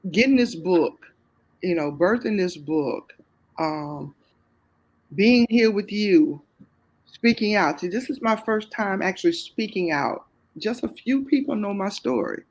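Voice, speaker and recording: She's a guest with a Southern US accent whose voice sits fairly low, expressive and darkish, delivered slowly with long pauses. Her candid testimony is earnest and faith-filled, and she repeats lines for emphasis.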